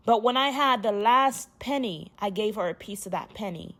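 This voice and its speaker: A woman's voice: medium pitch, normal speed, a bit bright. A young woman from Uganda, telling her own story in a rambling, heartfelt monologue full of restarts.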